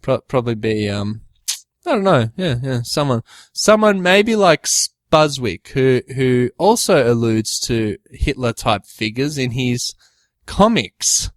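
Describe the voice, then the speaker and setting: A man's voice: mid-range voice, lively intonation, a little slow, no room sound. A man co-hosting a casual podcast chat, joking and rambling with frequent giggles. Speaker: podcast co-host.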